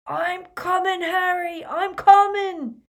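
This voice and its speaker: Big loyal half-giant bellowing slow, drawn-out shouts, raised high and loud, voiced by a woman narrator. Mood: urgent bellow. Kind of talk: audiobook character reading.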